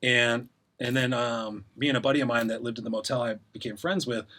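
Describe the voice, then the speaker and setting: A man's voice: mid-range voice, fairly even intonation, a little fast, sharp tone. A middle-aged man, a podcast guest, candidly telling his story in casual interview talk and acting out the voices he quotes.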